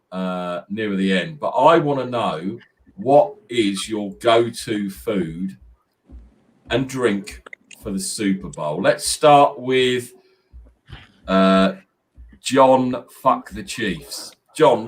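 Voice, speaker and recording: A man hosting a casual sports talk show, with a relaxed, drawn-out delivery. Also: medium pitch, slight background noise. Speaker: host. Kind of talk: casual chat.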